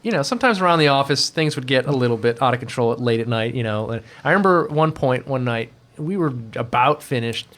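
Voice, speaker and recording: A man spins loose, meandering stories on a podcast, laughing as he goes. He breaks into quick impressions of the people in his tales. His voice sits at an ordinary middle pitch. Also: lively intonation, a bit bright. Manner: rambling, laughing anecdotes with mimicked voices. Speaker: guest, environment artist. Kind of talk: casual storytelling chat.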